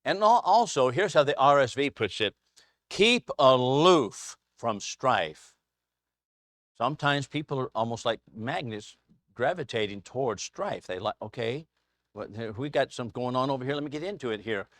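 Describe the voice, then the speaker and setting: A man's voice: medium pitch, expressive, a little fast, no echo, clean studio sound. A man teaching a casual Bible class to a small group in a church classroom, chatty and anecdotal, chuckling often.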